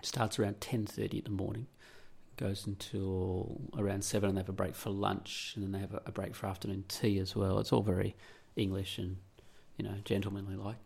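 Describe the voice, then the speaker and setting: A man's voice: low-pitched, little pitch movement, brisk, creaky, a little mellow, slightly rough. An Australian man hosting a podcast in a rambling, blunt monologue, swearing freely. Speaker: podcast host. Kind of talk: casual opinionated monologue.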